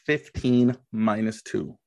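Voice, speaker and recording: A man in his thirties co-hosting a podcast, talking casually and laid-back, with quick bits of mimicry. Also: lowish voice, vocal fry, no echo. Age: 30s. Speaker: podcast co-host. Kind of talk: casual chat.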